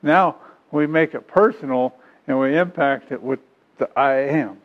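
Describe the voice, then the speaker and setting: A man's voice: mid-range voice, measured pace. A man preaching a sermon who reads scripture aloud and then explains it in homey asides, chuckling now and then. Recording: dull lo-fi recording.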